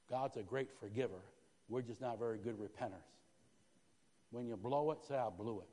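A male pastor preaching a sermon with fervor, dropping to a hush and then rising to shouts, and calling out "Amen?" to his congregation. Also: medium pitch, moderate pace, big-room sound. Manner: fervent, swinging from hushed to shouting. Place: church sanctuary.

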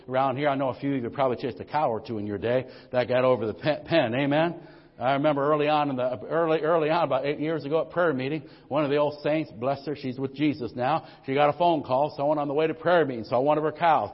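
A man's voice: mid-range voice, slightly rough. A middle-aged man, preaching a folksy, humorous sermon full of "amen"s. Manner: folksy, exclaims amen often, storytelling with humor. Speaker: pastor. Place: church sanctuary. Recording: dull lo-fi church recording with long reverb.

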